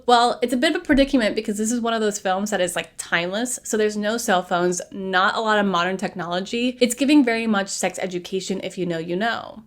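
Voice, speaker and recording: A woman's voice: mid-range voice, moderate pace, few pauses. Sarcastic woman recapping a horror movie. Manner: sarcastic, playful asides to viewers. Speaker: movie reviewer.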